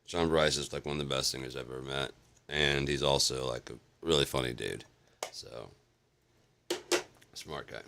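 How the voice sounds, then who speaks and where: Very deep gravelly man, rambling and profane. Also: fairly even intonation, normal speed, long pauses, bright, forceful tone, slight background noise. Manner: rambling, profane, restarts often. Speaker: vlog host. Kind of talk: casual storytelling monologue.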